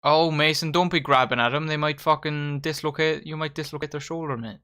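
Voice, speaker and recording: A young man giving excitable, sweary live commentary while hosting a football watchalong. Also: fairly high pitch, fairly quick, clear, resonant tone. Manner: excitable, swearing, addresses viewers as lads. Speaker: watchalong host.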